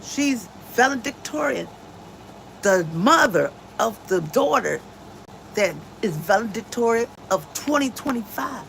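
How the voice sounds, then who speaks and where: A woman's voice: fairly high pitch, lively intonation, measured pace, gravelly, a bit bright, slight background noise, rough recording. A woman hosting a casual livestream from home, talking emphatically and a little preachy about faith and her friends, on a phone mic. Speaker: livestream host.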